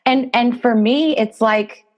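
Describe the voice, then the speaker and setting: A woman's voice: fairly high pitch, slow pace, dull audio. A woman guest on a podcast, speaking earnestly and reflectively, explaining her view through everyday examples. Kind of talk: casual conversational interview.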